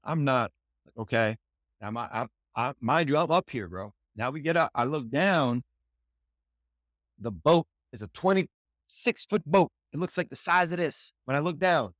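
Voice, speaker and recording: A man from New York City, a podcast guest, excitedly telling a personal story in slangy speech and acting out what he said back then. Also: medium pitch, dry recording, clean studio sound. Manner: slangy, excitable, acts out his own past lines.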